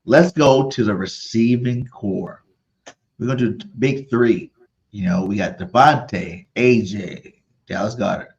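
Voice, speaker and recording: A man's voice: fairly low pitch, a little slow, darkish tone, muffled recording. A man co-hosting a casual sports debate, boasting about his team and insisting on it over and over. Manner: boastful, insistent fan banter. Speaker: sports podcast co-host.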